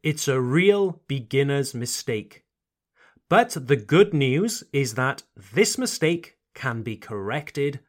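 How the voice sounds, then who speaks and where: Guy teaching english pronunciation, talks real slow, voice bouncing up and down a lot. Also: a little high. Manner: slow, careful over-articulation of words; mixes in short French phrases. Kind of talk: podcast lesson for French speakers.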